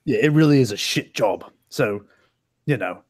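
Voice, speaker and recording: A man's voice: mid-range voice, expressive, normal speed, a little mellow, voice pushed down, natural voice. A man playing a mischievous, wry male bodyguard in a tabletop game. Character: bearded bald male bodyguard, mischievous troublemaker.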